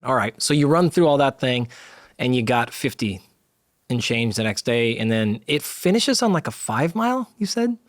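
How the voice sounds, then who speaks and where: A man hosts a podcast interview. He explains ideas and asks questions in a measured, reflective way. His voice is mid-pitched and the recording is dry. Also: lively intonation, dry recording. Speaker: podcast host. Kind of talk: interview conversation.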